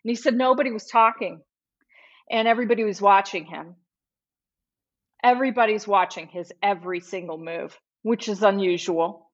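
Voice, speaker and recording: A woman's voice: mid-range voice, moderate pace. A woman trial lawyer, a podcast guest, telling a case story vividly and acting out what people said. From Los Angeles-based. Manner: vivid retelling, acts out quoted speech. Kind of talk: storytelling in conversation. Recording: dull lo-fi audio.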